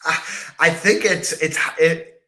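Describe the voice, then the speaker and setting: Bright-voiced rambling male podcast co-host. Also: fairly high pitch, fairly even intonation, slow pace. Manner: rambling, restarts often, swears. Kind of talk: casual chat.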